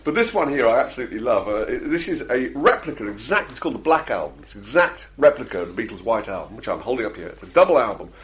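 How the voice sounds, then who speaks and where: Fast-talking, lively middle-aged Englishman. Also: mid-range voice. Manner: chatty, self-deprecating, full of fillers and restarts. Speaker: podcast co-host. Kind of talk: casual chat.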